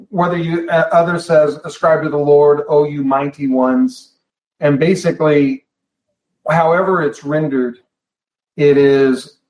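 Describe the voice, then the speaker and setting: A man's voice: a little high, a little mellow. A man preaching a Bible study sermon in a church hall, talking in a conversational way and often restarting and repeating phrases. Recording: echoey room.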